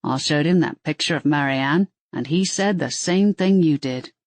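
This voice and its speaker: A woman's voice: deep voice, normal speed, dry recording, natural voice. A woman reading a rambling, chatty werewolf dad. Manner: rambling, talks on and on about his family.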